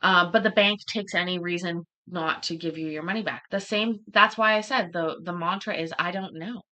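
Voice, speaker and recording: A woman's voice: lowish voice, steady tone, normal speed, sharp tone. A woman hosting a casual livestream chat, telling stories with heavy swearing and acting out what other people said. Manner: profane, storytelling, acts out quoted voices. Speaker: livestream host.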